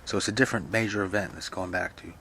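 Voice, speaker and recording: A man with a lowish voice reads a novel aloud and breaks off to explain it in casual, salty asides. His manner is chatty and loose. A faint hiss runs under the recording. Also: fast talker, a bit bright. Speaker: reader and explainer. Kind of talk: casual literature lecture with reading aloud.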